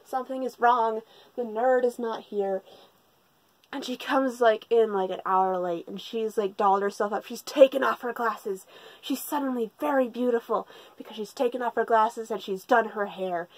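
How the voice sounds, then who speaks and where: A woman's voice: fairly high pitch, moderate pace, dry recording, poor audio. A woman giving a comedic manga recap with profane, sarcastic ranting. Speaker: manga reviewer.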